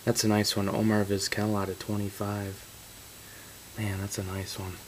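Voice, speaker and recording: A man's voice: fairly low pitch, completely flat delivery, normal speed, a little hiss or hum, poor audio. A man opening trading card boxes on camera, reading out card names and breaking into stunned exclamations. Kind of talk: casual card-break commentary.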